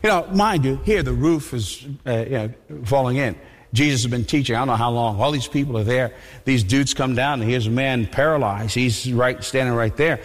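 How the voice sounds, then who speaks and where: A male pastor preaching a sermon in an animated, conversational way, often repeating his words. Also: medium pitch, normal speed. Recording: long hall reverb.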